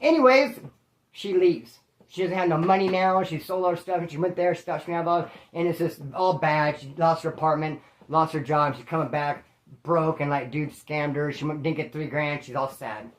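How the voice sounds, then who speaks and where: A man hosting his channel, telling a street story in a casual, slangy, animated way. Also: a little high, moderate pace. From Bakersfield, California. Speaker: storyteller host. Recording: roomy echo.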